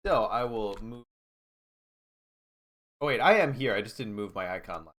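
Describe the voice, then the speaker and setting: A man's voice: fairly low pitch, lively intonation, moderate pace, fairly bright tone. A man co-hosting a podcast, playing a card game with wry, profane jokes and dramatic card reading. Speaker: podcast co-host and player. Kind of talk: casual board game play with joking commentary.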